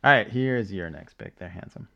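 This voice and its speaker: A man's voice: lowish voice, animated, normal speed, sharp tone, muffled recording. Rambling, hesitant male podcast host. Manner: rambling recap with many fillers and restarts; joking asides with laughs. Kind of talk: casual chat.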